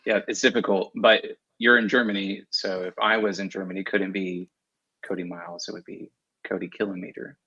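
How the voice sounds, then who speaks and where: A man who is a guest on a casual podcast, relaxed and wry. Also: sits low, a little fast, husky, muffled recording.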